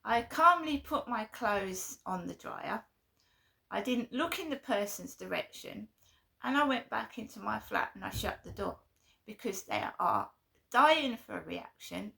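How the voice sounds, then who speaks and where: Woman vlogger, gravelly and bright, emphatic, aggrieved venting monologue. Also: mid-range voice.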